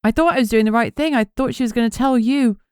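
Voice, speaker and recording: A woman's voice: a little high, fast, a little mellow, smooth, no echo, clean studio sound, pitched above the performer's own voice, close to an everyday voice. A woman voicing a shaken but stubborn young heroine, talking in urgent, breathless bursts. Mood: distressed.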